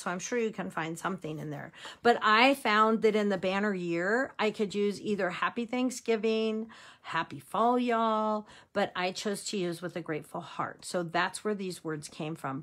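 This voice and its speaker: A woman's voice: medium pitch, a bit bright. A woman hosting a casual craft tutorial, chatting upbeat to viewers and laughing at herself while she works with her hands. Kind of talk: casual how-to demonstration.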